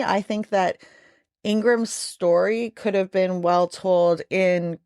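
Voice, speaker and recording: A woman's voice: fairly low pitch, steady tone, slow, a little mellow, smooth, dry recording, studio quality. A woman co-hosting a podcast, chatting casually about a book and thinking aloud with lots of "like"s. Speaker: podcast co-host. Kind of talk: casual book-discussion chat.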